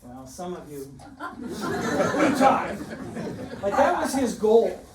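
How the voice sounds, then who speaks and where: A man's voice: high-pitched, huge pitch swings, slow, over a noisy crowd. A man in his seventies, a retired teacher and coach, giving a joking but emotional dedication speech in a large school gym. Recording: echoey gym, distant mic, background noise.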